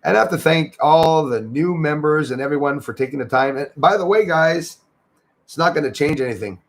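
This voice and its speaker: A man's voice: a little high, brisk. A man hosting a casual livestream, chatting with viewers, greeting them by name and often saying "eh". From Canada. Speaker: livestream host.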